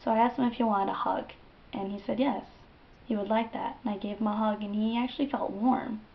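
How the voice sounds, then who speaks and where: Animated, foul-mouthed young woman telling a story. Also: mid-range voice, brisk, vocal fry, highs cut off. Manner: animated and profane, with dramatic quoted outbursts. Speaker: vlogger. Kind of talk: casual storytelling to camera.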